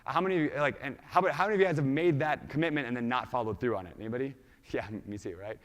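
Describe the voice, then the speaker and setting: A man with an accent mixing Minnesota, Washington and Hawaii gives an energetic keynote talk, quizzing the audience with questions. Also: mid-range voice, very fast. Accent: mixed Minnesota, Washington and Hawaii. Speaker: conference speaker. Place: large conference hall. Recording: reverberant conference hall.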